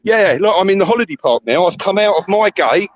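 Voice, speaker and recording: A man out of breath, chatting in a rambling, halting way while walking outdoors, talking into a phone. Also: sits high, expressive, no echo, muffled recording. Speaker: stream guest. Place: outdoors at a holiday park.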